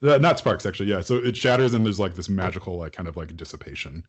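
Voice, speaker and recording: A man's voice: sits low, fast talker. A man running a tabletop game as game master, describing scenes loosely with many fillers.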